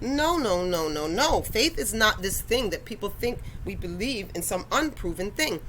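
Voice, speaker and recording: A woman's voice: medium pitch, expressive, normal speed, fairly bright tone, slight background noise, rough recording. A woman hosting a faith talk, addressing listeners directly in a conversational, preachy way. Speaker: podcast host.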